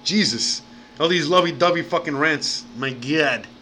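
Male livestream host, slightly high and very bright voice, loose and profane delivery. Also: measured pace, slight background noise. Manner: rambling and profane, says bro and man often. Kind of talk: casual livestream chat.

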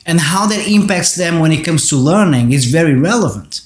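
A man's voice: fairly high pitch, animated, normal speed. Earnest man speaking in an echoey room. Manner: earnest, addressing parents directly. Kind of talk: monologue on parenting. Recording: roomy echo.

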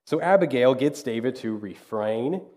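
A man delivers a sermon in a relaxed, chatty preaching style. His voice has a warm, mellow tone. He sits at an ordinary pitch for a man. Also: measured pace. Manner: conversational preaching with acted-out asides. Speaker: pastor.

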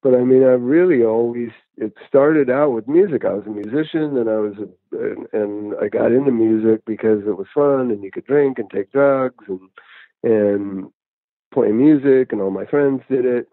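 A man's voice: medium pitch, normal speed, no echo. A man in his fifties, a guest counselor and musician, telling his story in a rambling, conversational way over a phone call. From United States. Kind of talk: casual interview over phone. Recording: tinny phone line, dry.

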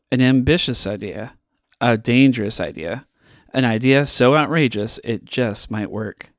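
A man reads a children's picture book aloud with playful expression and dramatic pauses. His pitch sits in the middle range, and the sound is dry and close, with no room around it. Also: no room sound. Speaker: podcast host reading children's books. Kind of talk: storybook read-aloud.

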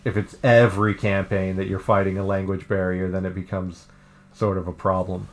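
A man's voice: deep voice, level tone, moderate pace. Laughing, rambling podcast guy. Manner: rambling, laughs often, many fillers. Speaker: podcast co-host. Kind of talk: casual chat. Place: living in Japan.

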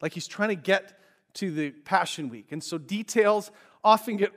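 A man preaching a sermon as a pastor, telling a story with animated delivery and briefly acting out the voices of people in it. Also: high voice, normal speed.

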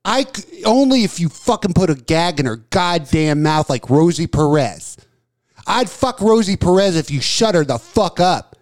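A man with a notably high voice tears into celebrities with loud, profane, emphatic rants. He sounds close and dry, as on a small studio mic. His delivery is casual banter on a crude talk show. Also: big pitch swings, moderate pace, no room sound. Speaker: podcast co-host. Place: small studio with desk mics.

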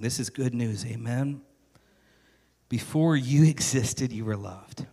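A man's voice: medium pitch, slow pace, vocal fry, mellow, long reverb tail. A male pastor preaching a sermon in an earnest, conversational way, building to emphatic repetition.

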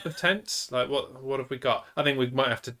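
A man's voice: medium pitch, a little fast, sharp tone. A man, co-hosting a livestream in casual, crude, joking banter. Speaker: stream co-host. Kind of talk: casual chat.

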